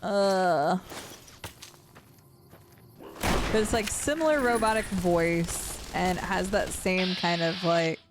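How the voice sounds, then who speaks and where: A young woman streamer chatting casually while playing a game, thinking out loud and greeting her viewers. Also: on the low side, slow pace, pauses often, background noise. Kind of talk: casual chat while gaming.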